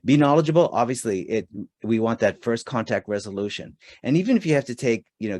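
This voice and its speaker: A man's voice: fairly low pitch, very animated, fast talker, darkish tone, no echo, studio quality. A man running a live online customer service training, talking casually and reading chat answers aloud with many fillers. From Canada. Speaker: webinar trainer.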